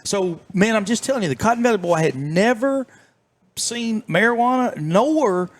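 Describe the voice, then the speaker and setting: Telling stories in a relaxed interview, this former FBI agent, a middle-aged Southern American man, meanders along folksily with plenty of fillers and false starts. His high voice is animated, and he keeps a moderate speed.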